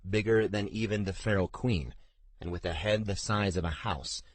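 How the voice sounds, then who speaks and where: Reading a fantasy audiobook from a script, this male narrator has a very low voice and a steady, measured delivery. The sound is close and dry, without echo or any room sound.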